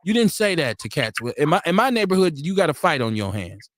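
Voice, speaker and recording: A man's voice: on the high side, a little fast, dry recording, clean studio sound. A man co-hosting a live talk stream, arguing his point hard and acting out quotes as he goes. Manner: animated, argumentative, acts out quotes. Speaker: podcast co-host. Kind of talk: heated casual debate. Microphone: remote stream.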